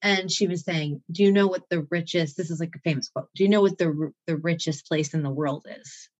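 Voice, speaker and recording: A woman's voice: lowish voice, brisk, darkish tone, dull audio. A woman guest on a podcast, talking in an effusive, motivational way and laughing often. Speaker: author writing a self-care book. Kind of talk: enthusiastic conversation.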